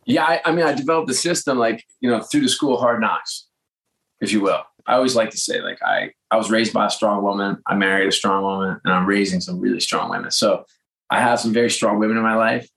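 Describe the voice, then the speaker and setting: A middle-aged man, a podcast guest, telling candid, animated stories in conversation. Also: fairly low pitch, fairly quick, gravelly. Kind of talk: storytelling in conversation.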